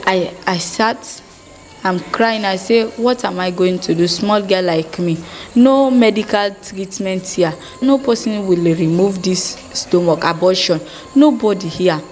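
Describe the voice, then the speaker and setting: A young woman with a West African pidgin English accent giving a halting, plain-spoken personal testimony, re-enacting scenes aloud as she tells them. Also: medium pitch, a little hiss or hum. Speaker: former child soldier giving testimony.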